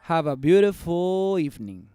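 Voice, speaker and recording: A man hosting a casual stock market livestream, reading chat comments in an excitable, joking way and dropping Spanish words into his English. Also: a little high, moderate pace, over loud music. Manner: excitable, joking, swings between loud and muttered.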